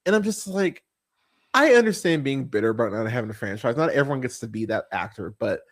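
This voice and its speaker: A male podcast host in casual conversation, venting with plenty of swearing and frequent laughter. His voice sits at a middle pitch but leaps sharply higher when he gets worked up. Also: fast talker. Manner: exasperated, profane, laughs often, animated pitch jumps. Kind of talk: casual ranting film review.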